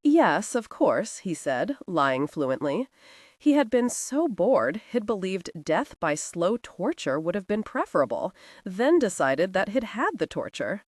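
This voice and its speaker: Woman audiobook narrator, expressive, dramatic reading, dry close studio recording. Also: on the low side, unhurried, no echo.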